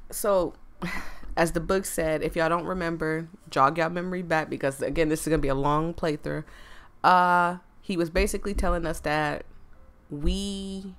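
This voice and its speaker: Young woman gamer rambling thru a story game, lots of "like", laughs a lot, slightly low voice. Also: steady tone, moderate pace. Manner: chatty, giggly, rambling with lots of "like". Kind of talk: let's-play commentary.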